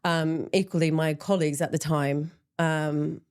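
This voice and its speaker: Middle-aged woman, very low voice, candid, chatty interview guest, lots of ums. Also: steady tone, unhurried, darkish tone, smooth. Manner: open and candid, frequent ums, laughs at herself. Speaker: interview guest, menopause support group founder.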